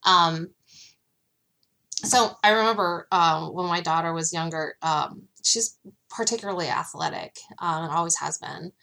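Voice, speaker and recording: Woman guest author, bright voice pitched a little low, animated storyteller with frequent ums. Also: measured pace, creaky. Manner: speaks about her daughter. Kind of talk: casual podcast interview.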